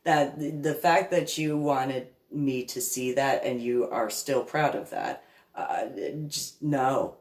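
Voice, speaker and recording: A woman speaking as a reverend, telling a story in a casual monologue, animated and repeating her words for emphasis. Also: very deep voice, takes it slowly, reverberant.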